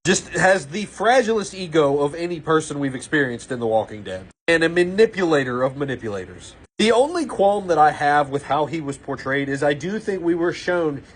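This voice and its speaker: A man's voice: a little high, animated, fairly quick, few pauses, husky. A man giving blunt, opinionated casual commentary about a TV series, ranting with exasperation.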